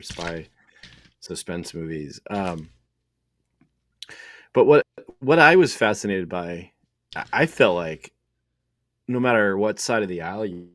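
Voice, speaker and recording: A man co-hosts a casual faith podcast, rambling along with many fillers and restarts. His voice sits low with a slightly bright tone.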